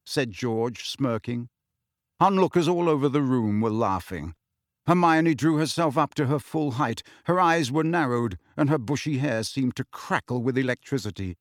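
Male narrator, audiobook, lively animated delivery, dry close sound. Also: medium pitch, moderate pace, no room sound. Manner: lively, expressive storytelling. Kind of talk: scripted narration.

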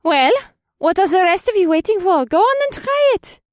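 A woman voicing a commanding witch professor in an audiobook, purring and brisk by turns. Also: medium pitch, level tone, dark tone, no echo, clean studio sound. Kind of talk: audiobook character voice.

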